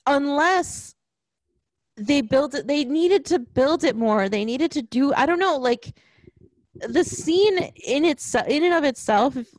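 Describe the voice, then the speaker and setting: A woman's voice: sits high, expressive, takes it slowly, no echo. A woman in casual conversation about a film, retelling scenes and quoting the characters' lines. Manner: chatty, retells scenes with quoted lines, frequent restarts. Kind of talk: casual movie discussion.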